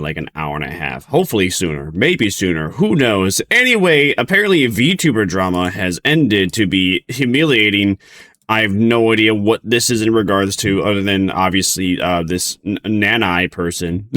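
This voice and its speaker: A man's voice: sits low, fairly bright tone. A sleep-deprived man streaming a reaction video, rambling and stumbling over his words as he comments. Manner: rambling, stumbling restarts, giggly.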